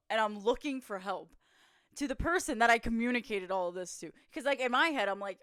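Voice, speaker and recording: A woman co-hosting a podcast, telling an embarrassing story in a lively, profane way with lots of "like" fillers. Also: fairly high pitch, a little fast, no echo, studio quality. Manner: animated, profane, full of "like" fillers. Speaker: podcast co-host. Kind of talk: casual storytelling chat. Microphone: streaming setup.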